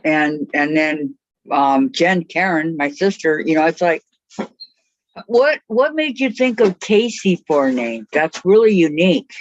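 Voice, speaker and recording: A woman's voice: sits low, a little slow, no room sound. Woman chatting on a muffled video call. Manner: relaxed, chatty, trailing off mid-thought. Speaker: craft class participant. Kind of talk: casual chat while crafting.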